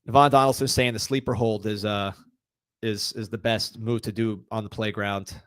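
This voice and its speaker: A man's voice: lowish voice, steady tone, normal speed, fairly bright tone, no room sound, clean studio sound. Joking, rambling male podcast co-host. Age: 30s or older. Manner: joking, rambling, laughs often. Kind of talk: casual sports podcast chat.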